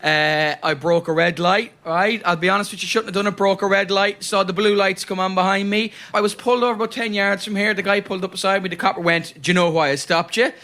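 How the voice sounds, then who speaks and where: A male comedian on a panel show spins a confessional story and chats like he is among friends. He talks high, with a bright, sharp edge to his voice. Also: steady tone, quick pace, few pauses. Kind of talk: comic anecdote.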